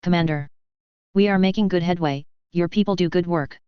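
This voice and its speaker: Narrator as a polite young male captain, businesslike, crisp and dry. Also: mid-range voice, a little fast, no echo, muffled recording, natural voice.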